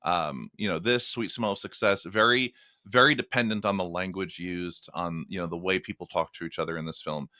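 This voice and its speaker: A thoughtful man talks about film as a podcast guest, his voice low and recorded dry and close. He pauses, restarts his sentences and circles back to find his point. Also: steady tone, pushed and bright, no echo. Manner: thoughtful, halting, many restarts. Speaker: podcast guest, writer and critic. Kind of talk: casual film discussion.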